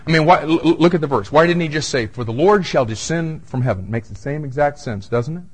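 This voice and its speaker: A male pastor preaching a verse-by-verse sermon in a conversational way, stumbling over restarts and booming out the scripture he quotes. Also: lively intonation, brisk, husky, rough recording.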